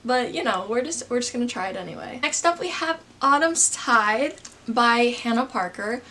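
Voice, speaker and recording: Young woman, twenties, book vlogger, casual chat, rambling, self-deprecating, somewhat high voice. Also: animated, normal speed, pushed and bright. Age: 20s.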